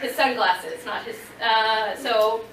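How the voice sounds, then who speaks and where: A woman in her thirties telling a lively story to a convention audience, laughing and acting out what people said. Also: a little high, takes it slowly, a little hiss or hum. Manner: animated, laughing, acting out quotes. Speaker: convention panel guest. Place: convention panel room. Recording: echoey room, voice from far off.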